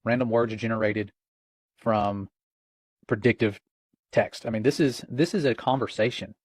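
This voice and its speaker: A man's voice: lowish voice, steady tone, moderate pace, no echo. A man hosting religious commentary, earnest and warning, retelling a conversation line by line.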